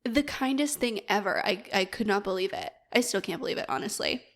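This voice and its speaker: A woman's voice: medium pitch, animated, fairly quick. A woman co-hosting a podcast, telling a story in a bubbly, gushing casual way. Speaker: podcast co-host. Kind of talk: casual chat.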